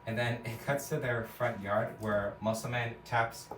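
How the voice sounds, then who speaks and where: A man's voice: medium pitch, level tone, a little slow, noisy background. A man casually retelling a cartoon episode scene by scene, rambling with lots of "and then" and "like". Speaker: storyteller. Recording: echoey room, from a distance.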